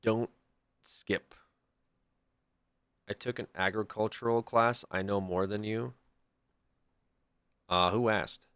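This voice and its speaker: A man's voice: lowish voice, fairly even intonation, slow pace, pauses often, a bit bright, smooth, dry recording. A man livestreaming a game, talking loosely and jokingly to his chat, swearing and calling them dude. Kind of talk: casual gameplay stream chat.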